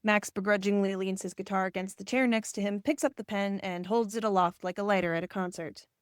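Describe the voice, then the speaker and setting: A woman reading a screenplay's stage directions aloud in an even, plain way. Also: mid-range voice, fairly quick, clear, resonant tone, no room sound, clean studio sound. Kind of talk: scripted narration.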